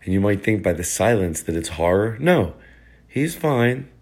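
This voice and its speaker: A man's voice: lowish voice, big pitch swings, moderate pace, darkish tone. A middle-aged man hosting a podcast, joking in a rambling, casual way. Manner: jokey, rambling, repeats bits for laughs. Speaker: podcast host. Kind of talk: casual comedic chat.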